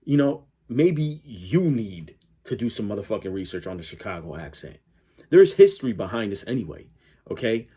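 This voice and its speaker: A man's voice: fairly low pitch, very animated, moderate pace, mellow, slightly rough. A man hosting a reaction video, talking in a blunt, profane, argumentative way. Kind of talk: casual reaction commentary.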